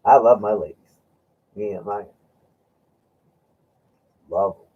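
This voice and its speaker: A man hosts a casual chat in a low-ish, slow, husky voice, telling rambling stories with laughter and acting out his friend's lines. The recording has a dull, lo-fi sound.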